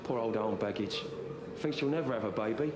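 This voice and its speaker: A man telling a comic first-person story in a rambling, deadpan, confiding way. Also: on the low side, fairly quick, background noise.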